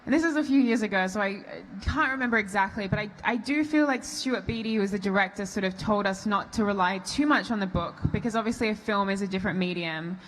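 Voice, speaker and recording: A woman's voice: medium pitch, fast talker, hardly any pauses, low-quality recording. A woman in her twenties with an Australian accent, an actress answering fan questions in a chatty way. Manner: warm, chatty, many fillers. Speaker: actress on a convention panel. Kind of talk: casual panel Q&A. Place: convention hall on stage.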